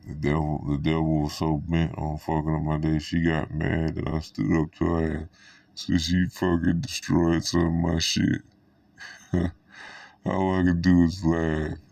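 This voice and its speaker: A man's voice: a bass voice, completely flat delivery, a little slow, vocal fry, darkish tone, no echo, recorded from a distance. A man giving a rambling, profane monologue to the camera, laughing between thoughts. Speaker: vlogger.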